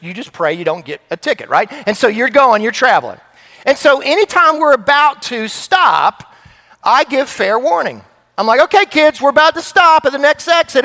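A middle-aged man preaching a sermon as pastor, telling a family story with lively acted voices. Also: extremely high pitch. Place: church sanctuary. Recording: long church hall reverb.

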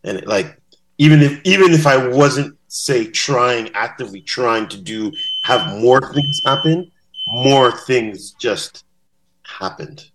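A man's voice: medium pitch, takes it slowly, a bit bright, a little hiss or hum. A man telling stories as a podcast guest in a casual interview. He acts out quotes in different voices. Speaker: podcast guest, bass-playing fan.

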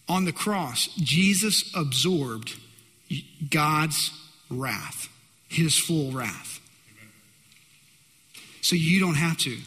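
A man's voice: on the high side, pushed and bright, husky. A man preaching a sermon, telling stories dramatically and acting out the quoted lines. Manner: dramatic storytelling with acted-out quotes. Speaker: pastor. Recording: long hall reverb.

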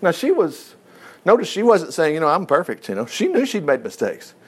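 A pastor delivers a folksy sermon. His voice is fairly high and swoops widely in pitch. He keeps switching between loud bursts of emphasis and hushed, confiding asides. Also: fairly quick, slightly rough. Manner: animated, folksy, swings from loud exclamations to quiet asides.

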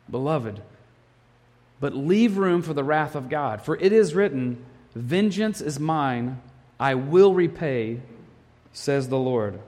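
Man preaching a sermon in a reverberant hall. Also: on the high side. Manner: animated storytelling, acts out quotes. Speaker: pastor.

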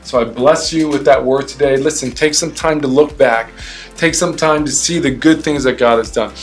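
A man's voice: mid-range voice, moderate pace, faint music behind. A man in his forties, a pastor giving a short encouraging sermon in a conversational way, often asking "right?".

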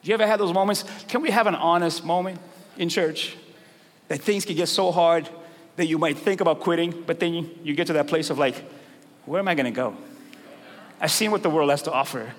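High-voiced preacher man in a big hall. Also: fairly quick. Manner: conversational preaching with slangy asides, building to loud emphatic peaks. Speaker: pastor. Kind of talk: sermon. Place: large church hall with congregation. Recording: long hall reverb, crowd faintly behind.

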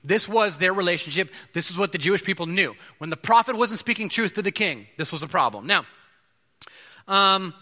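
A man preaching a sermon in an animated way, acting out quoted voices, with frequent fillers and restarts. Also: high-pitched, a little fast. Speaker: pastor. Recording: long hall reverb.

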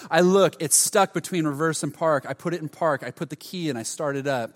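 A middle-aged male pastor preaching a sermon, telling stories with sudden loud outbursts. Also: a little high, a little fast, hardly any pauses. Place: church sanctuary. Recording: long hall reverb.

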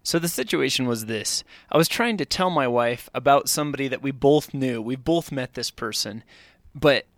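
Middle-aged male comic storyteller, self-deprecating and rambling, average pitch, dry recording. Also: lively intonation, moderate pace, dry recording. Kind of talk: comedic personal storytelling.

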